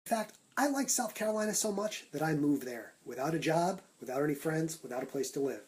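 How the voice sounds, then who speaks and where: A man vlogging for social media, talking in an energetic, punchy countdown style into a phone held at arm's length. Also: a little high, fairly quick, slightly rough. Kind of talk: upbeat Snapchat vlog talk.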